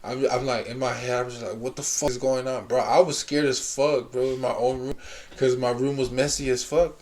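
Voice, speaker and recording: A man's voice: mid-range voice, steady tone, a little fast, a little mellow. A young man telling a long story in casual chat, rambling with lots of fillers and restarts.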